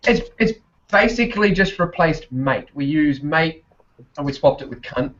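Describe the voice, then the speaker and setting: A man's voice: fairly high pitch, lively intonation, fairly quick, muffled recording. A man with a South Australian accent, a podcast guest telling rambling stories, swearing heavily and laughing often. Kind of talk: casual chat.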